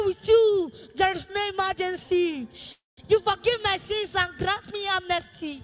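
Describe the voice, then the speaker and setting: Fervent high-voiced Nigerian woman worship leader. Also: measured pace. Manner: fervent, half-sung, often shouted lines. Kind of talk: chanted praise worship with call and response. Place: church service.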